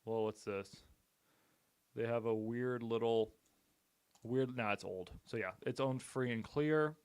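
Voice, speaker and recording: A man's voice: mid-range voice, steady tone, a little slow, clear, resonant tone, no echo. Male real estate streamer, blunt and punchy sales patter with loose casual talk, middle voice, dead-dry room. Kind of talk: casual live-stream commentary while cold-calling.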